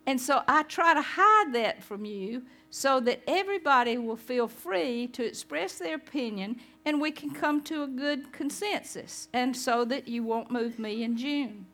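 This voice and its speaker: A woman's voice: a little high, measured pace, hardly any pauses, soft background music. A woman pastor giving a conversational sermon, chatting with her congregation.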